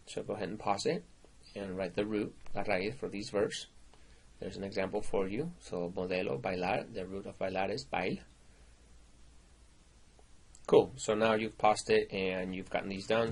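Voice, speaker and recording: A man walks students through a recorded lesson on a slide screencast. His voice sits on the lower side and carries a slightly husky grain. He keeps it loose and conversational, with casual fillers. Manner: relaxed, informal explaining with fillers. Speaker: Spanish teacher.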